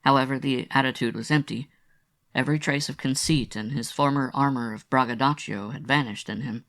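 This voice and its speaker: A man narrating a literary audiobook in a measured, confessional storytelling manner. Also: medium pitch, fairly even intonation, fairly bright tone.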